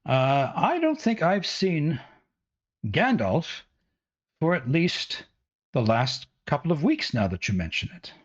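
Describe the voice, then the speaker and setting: A man's voice: a little high, sing-song, slow pace, lo-fi sound, voice pushed up, heavily acted. A man voicing a mild middle-aged innkeeper who answers thoughtfully.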